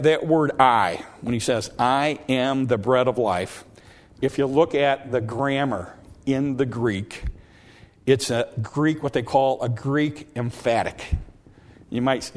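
A man preaching a sermon in a conversational way, with frequent restarts, slowing right down to stress the scripture lines. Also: mid-range voice.

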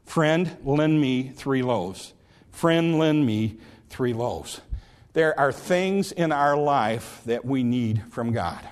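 A male pastor preaching a sermon, retelling a parable with lively storytelling and repeated emphasis. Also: medium pitch. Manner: animated storytelling, repetitive emphasis.

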